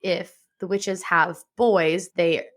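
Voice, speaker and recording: A woman's voice: fairly low pitch, takes it slowly. A woman co-hosting a podcast, chatting casually and reading a book description aloud before explaining it in her own words. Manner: relaxed, conversational, reads aloud then explains. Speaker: podcast co-host.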